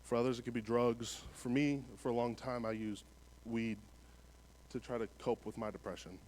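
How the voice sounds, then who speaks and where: A man at mid pitch delivering a sermon in a church. He reads scripture steadily, then explains it in a relaxed, conversational way. His volume rises and falls between quiet asides and stronger emphasis. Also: normal speed. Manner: swings between soft, low passages and louder emphatic ones. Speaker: preacher.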